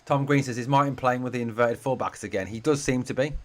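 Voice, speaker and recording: A man's voice: medium pitch, quick pace. Casual man commentating a match live. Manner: chatty, swears freely, reads out viewer comments. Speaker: fan channel host doing a live watch-along.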